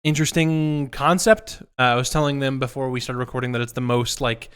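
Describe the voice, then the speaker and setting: Man, podcast co-host, smooth clear voice, casual chat, restarts and repeats words. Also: medium pitch, steady tone, brisk, a bit bright.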